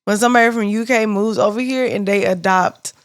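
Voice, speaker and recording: A woman's voice: mid-range voice, a little fast. A woman co-hosting a casual podcast, chatty and full of "like", laughing often. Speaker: podcast co-host.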